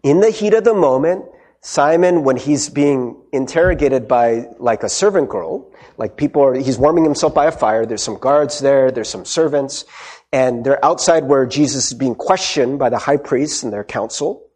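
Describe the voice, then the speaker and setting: A man's voice: medium pitch, moderate pace, a little mellow. A male pastor preaching a casual, conversational sermon. He tags his points with "right?" and acts out the quotes he retells. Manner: tags many sentences with "right?"; acts out quoted speech in character.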